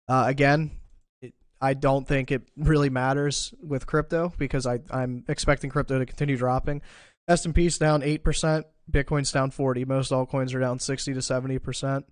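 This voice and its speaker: A man's voice: medium pitch, clean tone, no room sound. A man streaming live market analysis, thinking aloud in a casual way with fillers and restarts, and a bout of hiccups. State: has the hiccups. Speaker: crypto trading streamer.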